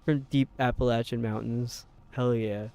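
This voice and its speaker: The speaker is a young upstate New Yorker with a light accent who streams games, talking loosely with his audience and laughing quickly. His medium-pitched voice is fairly even in intonation, darkish and clean.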